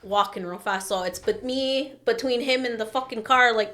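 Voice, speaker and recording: A woman on a podcast telling a story in casual chat, animated and profane, acting out the people she quotes. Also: fairly high pitch, moderate pace. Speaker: podcast guest, daycare teacher.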